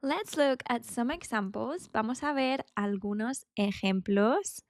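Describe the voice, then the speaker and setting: A woman teaching beginner Spanish, saying each phrase slowly and carefully and repeating it as a drill. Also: a little high, no echo, studio quality. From Spain. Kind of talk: beginner language lesson.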